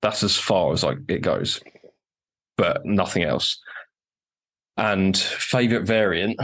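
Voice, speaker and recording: Low voiced uk guy, really up-and-down delivery, laid back, chatting as a podcast guest. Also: animated, takes it slowly, a bit bright. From United Kingdom. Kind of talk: casual chat.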